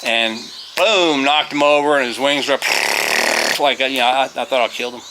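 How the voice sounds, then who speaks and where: A man's voice: mid-range voice, moderate pace, very noisy. A middle-aged man, a former teacher, telling a rambling, folksy story outdoors on a farm, full of fillers and restarts. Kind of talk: casual storytelling.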